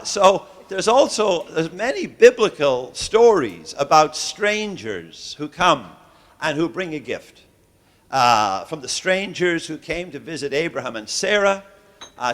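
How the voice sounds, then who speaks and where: A man's voice: fairly high pitch, fairly bright tone. A man from Ireland with an Irish accent, giving a genial, joking lecture to religious educators as a visiting professor, with frequent hesitations. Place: lecture hall.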